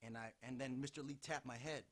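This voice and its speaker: A man's voice: medium pitch, steady tone, brisk, fairly bright tone, no room sound. Profane, rambling male comedian. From Chicago, USA. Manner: loose, profane, rambling, punchy. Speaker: comedian guest. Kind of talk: casual comic storytelling on a podcast.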